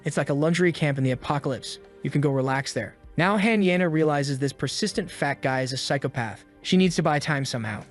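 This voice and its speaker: A man's voice: a little high, fast talker, hardly any pauses. Snarky man narrating over faint music. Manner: snarky and commenting. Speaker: recap narrator. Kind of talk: comic story recap narration.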